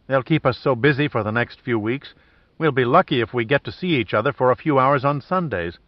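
A man reading the lines of a brisk, affectionate woman, near his own voice, on a dull dry recording. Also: mid-range voice, no echo, close to an everyday voice.

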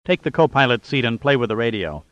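A man's voice: mid-range voice, very animated, fast talker, a bit bright, no room sound, highs cut off. A man reading a wry male adventurer hero with dry wisecracks.

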